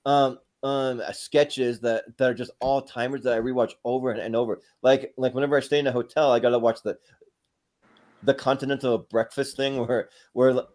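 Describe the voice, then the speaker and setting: A man's voice: mid-range voice, level tone, moderate pace, a little mellow. A man co-hosting a casual panel chat, rambling and laughing as he retells comedy sketches. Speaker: podcast co-host.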